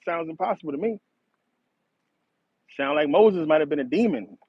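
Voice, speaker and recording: Husky guy rambling and cussing, laughs a lot, dull lo-fi sound. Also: fairly high pitch, lively intonation, moderate pace, dry recording. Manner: profane, rambling, laughs often. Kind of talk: casual monologue. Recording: dull, slightly lo-fi dry recording.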